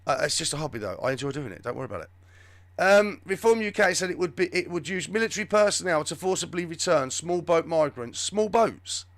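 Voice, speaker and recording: A man hosts a live show with rambling, sarcastic commentary. His voice sits fairly high and swoops up and down a lot. The sound is close and dry, with no room echo. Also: animated, brisk. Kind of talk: live political commentary chat.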